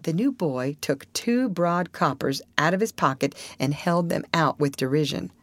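A woman reading a classic novel aloud as an audiobook narrator, expressive and animated. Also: deep voice, normal speed, dry recording. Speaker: audiobook reader. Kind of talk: scripted storybook narration.

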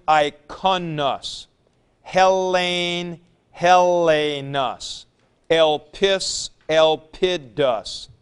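A man with a fairly high, smooth and clear voice gives a classroom lecture. He speaks slowly and patiently, working through each point step by step and repeating forms aloud as he goes. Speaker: Greek teacher. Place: classroom with a board.

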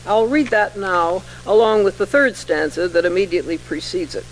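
An older woman, an English professor, giving a formal lecture in a measured, precise and wry manner, reading poetry aloud. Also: mid-range voice, slight background noise, rough recording. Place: lecture hall.

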